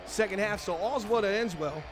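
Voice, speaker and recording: Man, high voice, casual play-by-play game commentary, fan talk, game music loud behind him. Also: normal speed. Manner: chatty play-by-play, fan cheering on his team. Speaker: streamer playing a football franchise mode. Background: video game music and sounds.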